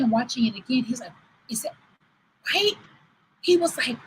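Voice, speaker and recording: A woman's voice: on the high side, big pitch swings, moderate pace, pauses often, slight background noise, poor audio. A woman over forty hosting a livestream show, telling stories in a chatty way and acting out what people said. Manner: chatty storytelling, acts out quoted dialogue. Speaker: host. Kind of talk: livestream talk. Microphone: livestream computer mic.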